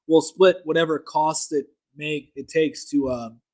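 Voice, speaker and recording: A man's voice: a little high, fairly even intonation, measured pace, a little mellow, rough recording. A man hosting a casual political podcast, talking loosely with restarts and laughs. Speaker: podcast host.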